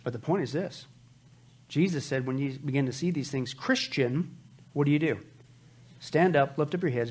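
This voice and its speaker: A male pastor preaching a sermon, urging listeners with pleading questions and sudden loud outbursts. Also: on the high side, breathy edge.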